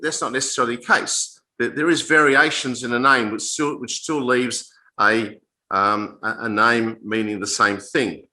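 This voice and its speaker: A man's voice: mid-range voice, fairly even intonation, sharp tone, poor audio. A man giving an informal Bible talk to a small group. He explains in a plain, conversational way, often stopping to repeat and restart his phrases. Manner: halting, repeats and restarts phrases mid-sentence. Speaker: Bible teacher.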